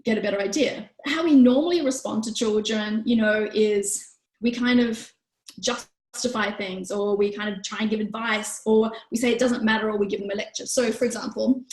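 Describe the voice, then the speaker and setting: A woman, teaching a parenting workshop in a chatty way and acting out quoted lines. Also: normal speed. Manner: chatty, acts out quoted lines in higher voices. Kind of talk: online workshop talk. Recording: echoey room.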